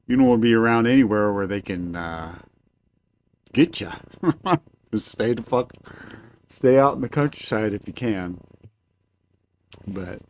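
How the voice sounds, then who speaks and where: Slow, low-voiced rambling man. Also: darkish tone. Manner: slow and rambling, lots of filler; swears casually. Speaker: live-stream radio show host. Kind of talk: casual rambling live-stream talk. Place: cabin, indoors.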